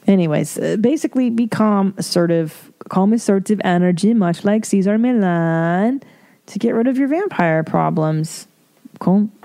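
A woman's voice: lowish voice, gravelly, mellow. A woman hosting a solo podcast, reading from an article and adding blunt, profane, laughing asides. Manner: reads from an article and comments. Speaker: podcast host. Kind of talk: casual solo podcast monologue.

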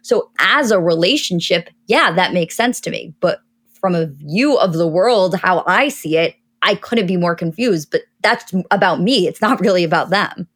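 Female co-host, lowish pitch, thoughtful casual talker. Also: expressive, moderate pace, fairly bright tone. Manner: thoughtful, talks through opinions at length. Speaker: podcast co-host. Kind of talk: casual chat.

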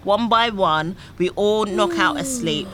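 A woman's voice: medium pitch, a little slow, noisy background. A young woman, a comedian, telling a dramatic story in a playful way on a panel show.

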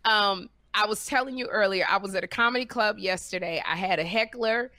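A woman comedian who co-hosts a podcast and tells stories in an animated way, acting out the people she quotes. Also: mid-range voice, brisk, no room sound. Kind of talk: animated storytelling.

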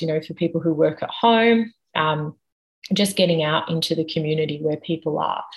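Woman, low voice, measured explainer, patient, interview guest. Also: rough recording. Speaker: guest expert on the nervous system.

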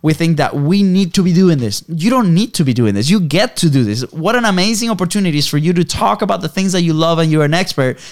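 A man's voice: on the high side, animated, fast talker, few pauses. A man co-hosting a casual business podcast, chatting freely and checking in with "right?" again and again. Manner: chatty, often adds "right?". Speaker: podcast co-host.

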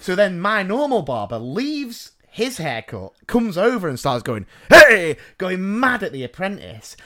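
Speaking a little slowly in a high voice, a man co-hosting a podcast relates a story with animated self-mockery. He keeps things casual and laughs frequently as he goes.

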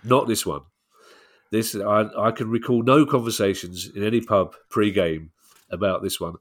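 A middle-aged man with a lowish, fairly even voice speaks at normal speed, stuffed up from a cold. Co-hosting a casual podcast chat, he's wry and teasing and laughs easily.

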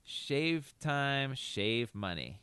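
A man's voice: medium pitch, very animated, extremely slow, fairly bright tone, smooth, no echo. A man hosting a casual quiz, reading slogans and teasing the contestants. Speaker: quiz host.

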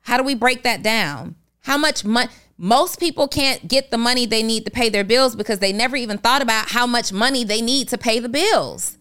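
A woman's voice: a little high, normal speed, few pauses, fairly bright tone, clean tone. A woman co-hosting a podcast, talking in an earnest coaching way and working through examples step by step. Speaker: podcast co-host. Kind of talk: motivational podcast talk.

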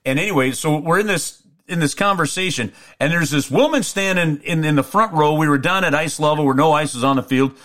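A man co-hosting a podcast, telling rambling stories in a lively way, full of restarts and asides. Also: fairly high pitch, fairly quick, few pauses. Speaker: podcast co-host, hockey play-by-play announcer. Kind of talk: casual storytelling.

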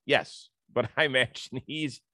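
A man's voice: mid-range voice, unhurried, bright, forceful tone, dry recording. A middle-aged man hosting a sports talk show, chatting casually and citing stats. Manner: conversational, stat-citing, storytelling.

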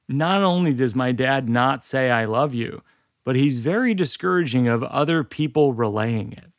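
A man's voice: mid-range voice, a little slow, no room sound. A man in his forties, a podcast host, reading a personal story aloud in a dry, wry way with self-aware asides. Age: 40s.

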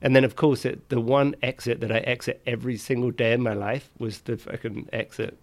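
A man's voice: medium pitch, flat delivery, fairly quick. Rambling man telling a story. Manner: rambling, swearing, many "like" fillers. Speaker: podcast guest. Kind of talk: casual storytelling.

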